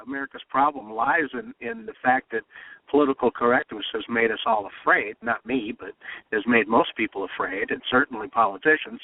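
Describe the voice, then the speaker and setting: A man's voice: fairly high pitch, gravelly, no room sound. A man hosting a political talk radio show, emphatic and impassioned, often repeating himself. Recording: dry, phone-like radio sound.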